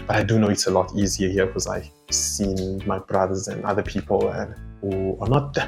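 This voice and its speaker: A young man from South Africa chatting casually in a vlog, rambling through asides and laughing as he goes. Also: on the low side. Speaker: vlogger.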